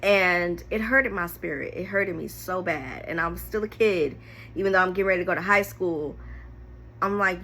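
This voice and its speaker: Bright-voiced woman telling a personal story. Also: on the low side, normal speed, slight background noise. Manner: emotional, candid, animated retelling. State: holding back tears. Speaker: storyteller vlogger.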